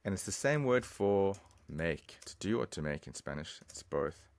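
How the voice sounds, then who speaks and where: A man's voice: low voice, sing-song, normal speed. A man giving a casual, chatty online language lesson, talking straight to the viewer. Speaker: language teacher.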